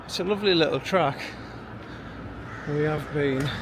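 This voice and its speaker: Male vlogger with a high voice, walking and chatting by a loud road, slightly winded. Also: normal speed. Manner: chatty and self-amused, chuckling often. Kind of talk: casual walking vlog chat. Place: outdoors beside a busy road. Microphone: handheld camera, built-in mic. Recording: loud traffic noise outdoors.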